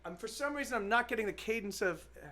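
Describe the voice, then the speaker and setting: A man's voice: high voice, expressive, fast, pushed and bright. A middle-aged man, a musician on a live stream, chatting casually between songs, rambling and restarting, with some swearing.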